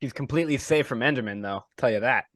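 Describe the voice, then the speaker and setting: A man's voice: medium pitch, quick pace, fairly bright tone, no room sound. A man playing a tabletop game, blunt, profane and joking. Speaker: player.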